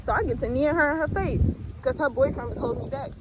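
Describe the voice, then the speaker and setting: A young woman from the Midwest with a high, light voice recounts a story for her channel. She talks bluntly and casually, swearing often and padding her sentences with fillers. A faint hum of background noise sits under her voice. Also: quick pace. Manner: blunt, profane, laid-back storytelling with many fillers. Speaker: vlogger.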